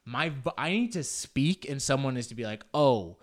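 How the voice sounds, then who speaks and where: A man's voice: medium pitch, expressive, a little fast. A young man hosting a show alone, rambling in casual, profane, self-mocking chat. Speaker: podcast host.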